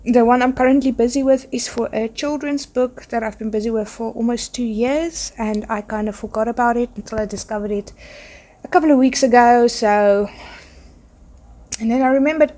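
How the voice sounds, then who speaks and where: A woman's voice: a little high, steady tone, moderate pace, dark tone. A woman who is sick with a nasal, congested voice, chatting casually and rambling with many fillers as a podcast host while she paints.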